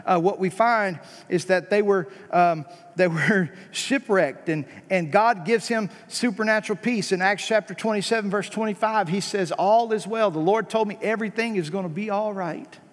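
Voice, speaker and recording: A man with a fairly high voice delivers a sermon in a church, his words trailing off into a long hall reverb. He moves from easy conversational asides and rhetorical questions to emphatic, climbing peaks, then sinks low for quiet points. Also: normal speed, few pauses. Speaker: preacher.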